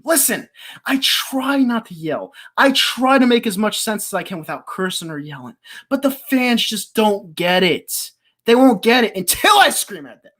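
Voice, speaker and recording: A young woman from the Philadelphia area hosts a live sports stream and rants at full passion. Her somewhat high voice leaps all over the place as she yells in exasperation. She sounds heated and worked up throughout. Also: very animated, moderate pace.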